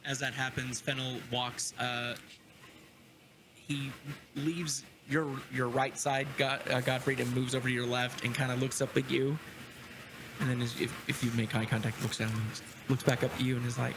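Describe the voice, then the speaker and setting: A man's voice: medium pitch, flat delivery, moderate pace, background noise. A man narrating as game master in loose, rambling narration broken by laughter.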